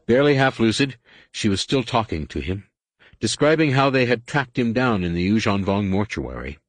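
Husky male audiobook narrator, low voice. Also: very animated, normal speed, dry recording. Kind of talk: scripted narration.

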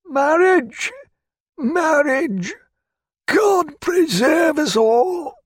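A testy toothless old ship's clerk. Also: male voice, very high-pitched, expressive, very slow, dry recording, voice pushed up, exaggerated voice. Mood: scandalised. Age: older. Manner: grumbling, querulous.

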